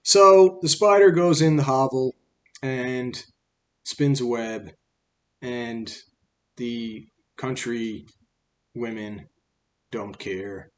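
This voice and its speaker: Male storyteller, unhurried casual fable retelling, mid-pitched, rambling. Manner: rambling, conversational with fillers.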